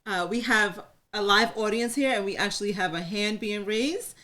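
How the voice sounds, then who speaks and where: A woman's voice: medium pitch, normal speed, bright, forceful tone. A woman co-hosting a live talk in front of an audience, sharing her story openly and chattily, laughing often. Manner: open, chatty, laughs often, calls herself an oversharer. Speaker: co-host. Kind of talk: candid personal conversation.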